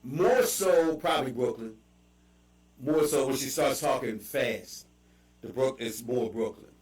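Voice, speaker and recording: A man's voice: medium pitch, far from the mic. Chatty Baltimore man in an echoey room. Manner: animated storytelling with quick asides and laughs. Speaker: podcast host. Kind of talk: casual chat.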